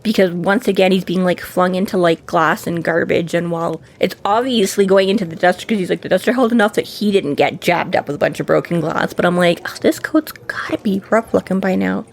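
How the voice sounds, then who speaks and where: Rambling woman podcast co-host, low voice. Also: brisk, few pauses. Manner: rambling, many fillers and quoted asides. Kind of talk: casual book discussion chat.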